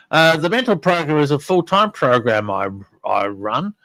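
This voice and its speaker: A man's voice: fairly high pitch, big pitch swings, unhurried, a bit bright, dry recording, low-quality recording. A man hosting a live podcast, talking casually and rambling with many fillers and restarts. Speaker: podcast host.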